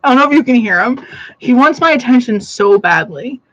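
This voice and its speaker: A young woman hosts a casual livestream from her plant-filled home, rambling with plenty of "like" fillers and laughing often. Her voice is a little high, expressive, brisk and fairly bright, and the sound is lo-fi.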